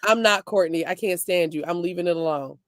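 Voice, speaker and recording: A woman's voice: fairly low pitch, a little fast, dry recording, clean studio sound. A woman hosting a faith-based program, teasing her guests and breaking into laughter. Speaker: host. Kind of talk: playful chat with guests.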